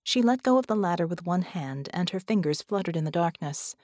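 A woman narrating an audiobook in a measured, steady reading voice. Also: fairly low pitch, dry recording, clean studio sound. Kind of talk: scripted narration.

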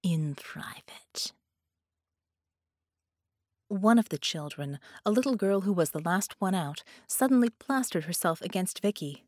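A woman narrating an audiobook in a clear, measured storytelling manner. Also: mid-range voice, animated, a little mellow, no room sound, studio quality.

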